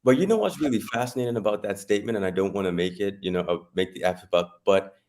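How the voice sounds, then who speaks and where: Brief: low-voiced man co-hosting, emphatic, repeats himself for effect. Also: quick pace, darkish tone. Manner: emphatic, repeats short phrases, playful. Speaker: co-host and theater actor. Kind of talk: casual studio banter.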